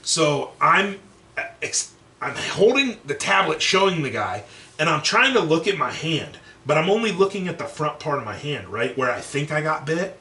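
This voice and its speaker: A man's voice: a little high, moderate pace. Young guy podcaster telling a story, lots of swearing, acts out the quotes, kinda far from the mic in an echoey room. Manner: profane, animated, acts out quotes. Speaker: podcast co-host. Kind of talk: casual storytelling chat. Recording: roomy echo, set back from mic, faint background noise.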